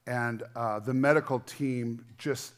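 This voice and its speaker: Man, middle-aged, pastor, sermon, earnest, conversational, swings from soft to loud. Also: mid-range voice, fairly even intonation, takes it slowly. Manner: earnest, conversational preaching with restarts and dynamic swings between quiet and loud.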